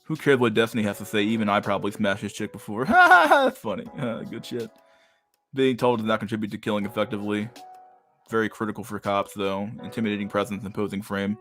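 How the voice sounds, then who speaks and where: A man's voice: lowish voice, lively intonation, fairly quick, pushed and bright, soft background music. A young man hosting a casual livestream, talking in a crude, profane way while reacting to chat. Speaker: livestream host.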